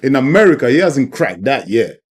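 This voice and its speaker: On his channel, a man delivers emphatic, opinionated boxing commentary in a mid-range, sing-song voice with a breathy edge, at normal speed. He repeats his points and tags lines with "man" and "you know what I mean."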